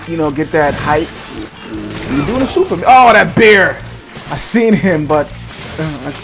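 A man giving casual, rambling gameplay commentary, joking around with sudden excited outbursts. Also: on the high side. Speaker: gaming channel host. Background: game music.

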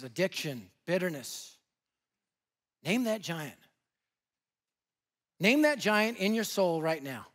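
A high-voiced man in his fifties from Denver, USA, gives a sermon as a guest preacher. His storytelling is animated and funny, jumping suddenly from loud outbursts to soft, tender lines.

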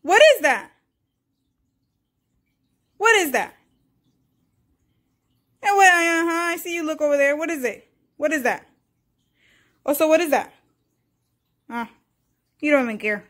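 Woman vlogger at home, high animated voice, unhurried, playful, hyper, handheld phone. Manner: playful, exclaiming, talks to her dog and viewers. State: hyper from coffee. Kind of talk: casual vlog talking to her dog. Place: at home indoors.

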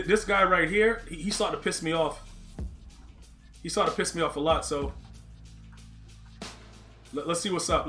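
High, bright-voiced young man streaming a game. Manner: slangy, excitable, bursts into yelling. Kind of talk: live gameplay commentary to chat.

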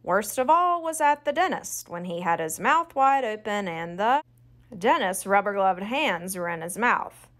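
A woman narrating a children's audiobook in a clear, expressive storytelling voice. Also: mid-range voice, a little slow.

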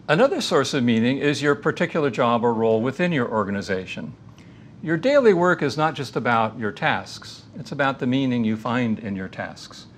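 A man giving a faith-based lecture in an earnest, measured teaching manner, weaving in stories. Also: mid-range voice, a little hiss or hum.

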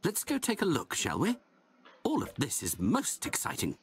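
Sherlock Holmes, lofty and swooping. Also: male voice, huge pitch swings, normal speed, vocal fry, background noise, full character voice. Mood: eager. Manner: lofty, lilting, exaggerated pitch swings. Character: theatrical male detective, grandly confident. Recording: game audio over music.

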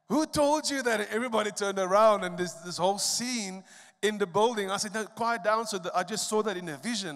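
A man's voice: high voice, fairly bright tone. A young adult man from South Africa, a pastor earnestly telling a story in a sermon, often repeating words as he goes. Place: church hall. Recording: long reverb of a church hall.

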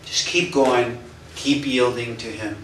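A man's voice: medium pitch, fairly even intonation, slow pace, fairly bright tone, a little hiss or hum. A pastor, a man, preaching a sermon and telling a personal testimony in an earnest storytelling manner. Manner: storytelling, earnest, acts out quoted voices. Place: church. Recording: echoey church heard from a distance.

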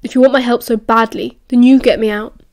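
A woman's voice: a little high, steady tone, brisk, a little mellow, close to an everyday voice. A woman voicing a young male werewolf held captive, protesting in a raised, strained voice. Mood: defiant. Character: young, cornered male werewolf prisoner, defiant.

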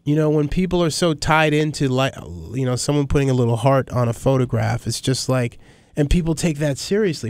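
A middle-aged man talking candidly as a guest in an interview, rambling and animated as he tells stories. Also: medium pitch, brisk, dry recording. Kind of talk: conversational interview.

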